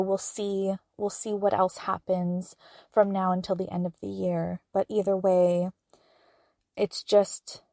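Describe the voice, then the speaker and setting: A woman's voice: medium pitch, mellow, no echo, studio quality. A woman hosting her own podcast as a spiritual medium, talking in an earnest, heartfelt way with plenty of filler words. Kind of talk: casual solo podcast monologue.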